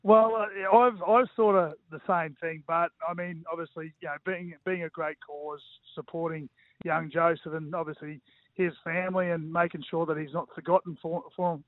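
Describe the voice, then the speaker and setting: A former rugby league player in his forties, with an Australian accent, chats casually as a radio guest over the phone, self-mocking and full of fillers. His voice is a little high, with fairly even intonation and a moderate pace, on a tinny, dry phone line with no echo.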